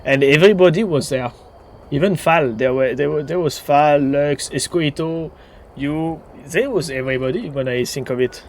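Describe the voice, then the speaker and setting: A man streaming a video game, with rambling, soft-spoken casual commentary. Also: fairly high pitch, normal speed, slight background noise.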